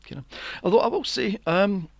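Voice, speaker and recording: High-pitched and creaky, with lively intonation at normal speed, this man co-hosts a movie podcast, ranting exasperatedly, swearing, and mocking characters in silly voices during casual review chat. The recording is muffled and has no room sound.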